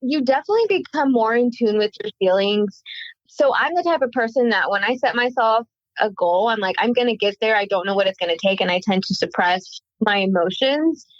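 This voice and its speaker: A woman's voice: medium pitch, fairly quick, no room sound, lo-fi sound. A woman guest talking earnestly and reflectively in a casual conversation.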